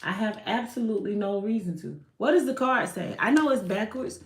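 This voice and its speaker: A woman giving a live tarot reading in an animated, slangy way, swearing and often breaking off mid-sentence. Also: medium pitch, a little fast, echoey room. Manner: animated, slangy, swears, frequent self-interruptions. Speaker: tarot card reader.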